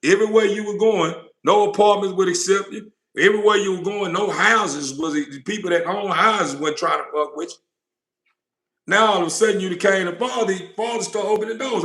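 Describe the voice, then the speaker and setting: A man's voice: high-pitched, brisk, a bit bright. A man delivering a blunt, profane, impassioned monologue about God, acting out God and doubters in turn. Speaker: informal preacher. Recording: roomy echo.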